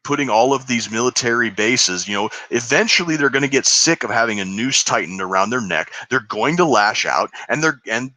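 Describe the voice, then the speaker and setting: A man's voice: mid-range voice, animated, brisk, hardly any pauses, bright, forceful tone, no room sound. A man co-hosting a casual political podcast, talking in an emphatic, opinionated way with frequent restarts. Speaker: podcast co-host.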